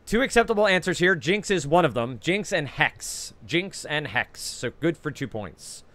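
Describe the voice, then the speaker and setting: A man with a New Jersey accent hosting a trivia quiz over a video call, reading each clue twice and scoring answers in a brisk, chatty way with frequent "uh"s. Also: on the high side, very animated, fairly bright tone.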